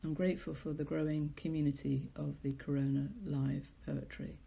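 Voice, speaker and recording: Gravelly, chatty British woman hosting a live stream. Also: low-pitched, flat delivery, normal speed, warm tone, a little hiss or hum. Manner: rambling, chatty, self-deprecating. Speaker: host of a live poetry stream. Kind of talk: casual live-stream chat and poetry reading.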